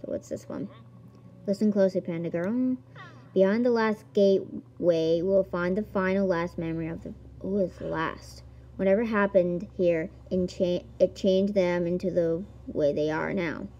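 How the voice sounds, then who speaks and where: A woman's voice: lowish voice, a little slow, mellow, dull audio. A woman giggling and exclaiming as she plays a video game and reads its text aloud. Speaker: gamer. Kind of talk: let's-play commentary.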